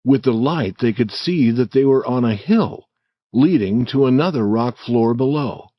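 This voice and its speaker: A male audiobook narrator reading for English learners. He reads slowly and clearly, with a lively, varied pitch. The sound is dry and close. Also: no room sound, muffled recording. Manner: slow, clear, deliberate reading.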